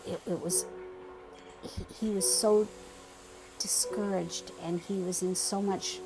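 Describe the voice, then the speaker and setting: A woman interviewed for a documentary, speaking earnestly and haltingly. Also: medium pitch, steady tone, rough recording.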